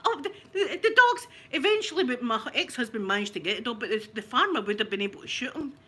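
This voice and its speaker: A woman with a Scottish accent telling a family story in casual talk, animated and often laughing. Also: a little high, fast. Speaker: ASMR channel host telling a family story.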